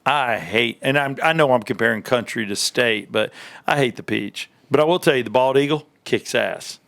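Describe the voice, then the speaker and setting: A man from the American South co-hosting a casual comedy podcast, talking in an animated way and slipping into put-on voices. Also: medium pitch, normal speed, creaky. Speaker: podcast co-host.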